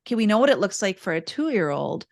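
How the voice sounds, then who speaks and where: A woman speaking as a podcast guest, explaining parenting steps calmly and often repeating words as she thinks. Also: medium pitch, fast, gravelly, dry recording, clean studio sound. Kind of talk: casual interview talk.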